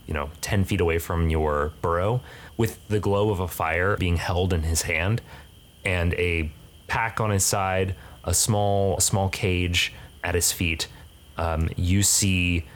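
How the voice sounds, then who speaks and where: A man narrating as game master for a tabletop game, halting and searching for his words as he describes each scene. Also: sits low.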